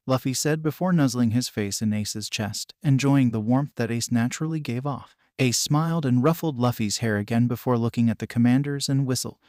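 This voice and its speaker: A man reading fan fiction aloud in an even, steady way. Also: mid-range voice, a little fast, few pauses, no echo, studio quality.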